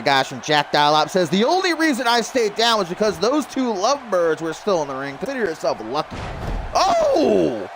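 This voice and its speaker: A man doing excitable play-by-play for a wrestling video game stream, laughing at the action and reading viewer tweets. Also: mid-range voice, background noise.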